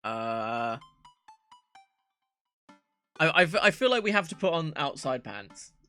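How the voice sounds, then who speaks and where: A man's voice: on the high side, very animated, slow pace, bright, forceful tone, smooth, soft background music. A man streaming a dating game, reading lines aloud in a playful way, swearing and stumbling over words.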